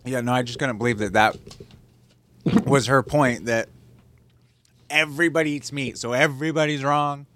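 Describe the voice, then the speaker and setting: A man co-hosting a casual chat, speaking in a hesitant, measured way with frequent fillers. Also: medium pitch, fairly even intonation, noisy background.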